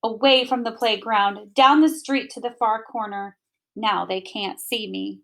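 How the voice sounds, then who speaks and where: Woman storybook reader, slightly high voice, gentle and expressive narration. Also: measured pace, gravelly. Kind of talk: reading a children's picture book aloud.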